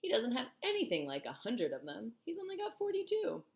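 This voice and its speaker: A woman's voice: fairly high pitch, wildly swooping pitch, brisk, voice pushed up. A woman voicing a prim, indignant male earthworm in a storybook reading.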